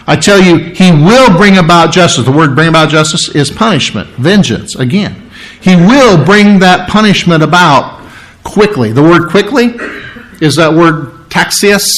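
A pastor preaching a sermon, emphatic and conversational, slowing down to read scripture and repeating key phrases. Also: male voice, a little high, a bit bright, low-quality recording. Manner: conversational, with frequent restarts and throat clearing.

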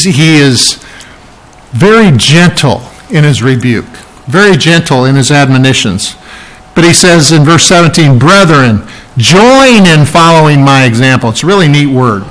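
A man's voice: fairly high pitch, expressive, measured pace, a bit bright, poor audio. A man preaching an expository sermon, teaching earnestly and repeating phrases for emphasis. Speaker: pastor.

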